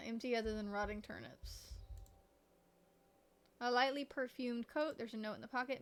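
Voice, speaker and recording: A woman's voice: fairly high pitch, moderate pace, vocal fry. A young woman streaming a game, chatting casually, giggling and swearing often. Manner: giggly, swears a lot, reads game text aloud. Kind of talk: casual gameplay commentary.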